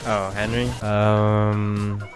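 A young man streaming a video game, reacting with slangy, excitable commentary and sudden loud outbursts. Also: on the low side, drawn-out words, faint music behind. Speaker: gaming streamer. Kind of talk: let's play commentary.

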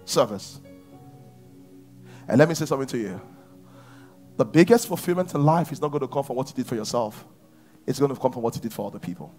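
A man preaching a sermon as pastor, building intensity with repeated rhetorical questions. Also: a little high. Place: church.

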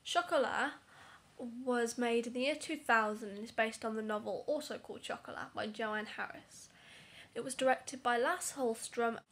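A woman's voice: fairly high pitch, a bit bright. A young woman giving a casual movie review vlog, chatty and apologetic, often dropping to a whisper for asides. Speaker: vlogger.

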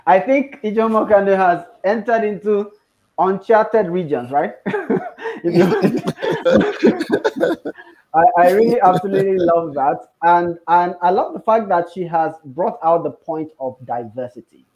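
Male moderator, slightly high voice, muffled video-call audio, quick string of questions. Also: a little mellow. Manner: asks questions in rapid strings, laughs easily. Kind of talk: moderating a panel discussion.

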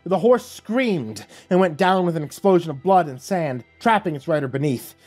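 A man reading a horror story aloud in a measured, dramatic storytelling voice. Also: fairly high pitch, very animated, darkish tone. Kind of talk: scripted horror narration. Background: faint music.

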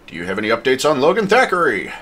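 Jokey male gamer, lively pitch, reads game dialogue aloud. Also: very fast, slight background noise. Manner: jokey, reads quest dialogue in put-on voices. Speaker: gamer playing and voicing dialogue. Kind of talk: let's play commentary, reading dialogue aloud.

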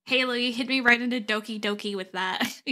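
A woman's voice: fairly high pitch, a little fast. A young woman streamer reading game dialogue aloud and reacting expressively between lines. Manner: expressive, shifts between soft reading and loud laughing outbursts.

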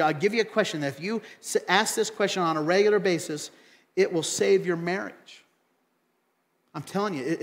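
A pastor preaching a sermon in a church, animated and repeating phrases for emphasis. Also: male voice, sits high, long reverb tail. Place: church sanctuary.

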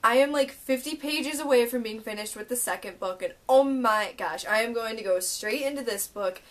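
A young woman vlogging a casual book haul and unboxing, gushing and excitable as she talks through each book. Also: fairly high pitch, moderate pace. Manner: gushing, excitable, lots of "oh my gosh".

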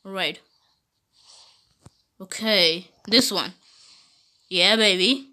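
A woman's voice: medium pitch, bright, forceful tone. A woman playing through a mobile game while voicing bickering cartoon characters, often giggling. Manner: giggly, bickering, slow-spoken. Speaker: game video maker voicing her characters. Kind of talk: playful role-play over gameplay.

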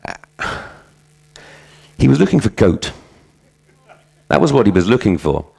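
A middle-aged man with a notably low voice gives a conference talk. He speaks conversationally and breaks into anecdotes. He often restarts his sentences mid-thought. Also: very animated, unhurried, creaky, darkish tone, slightly rough. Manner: conversational, tells anecdotes with self-corrections. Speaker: conference speaker on language teaching.

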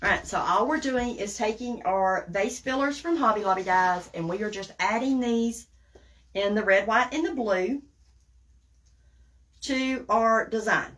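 A woman with a Southern accent hosts a live craft tutorial stream, chatting folksily with viewers as she works and reads their comments, calling them guys and y'all. Her voice is medium-pitched and fairly bright, and she speaks unhurriedly.

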